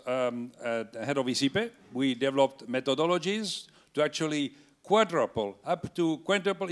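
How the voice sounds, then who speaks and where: Male panelist, assertive, speaks from experience, slightly higher voice. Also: a bit bright. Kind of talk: public panel discussion.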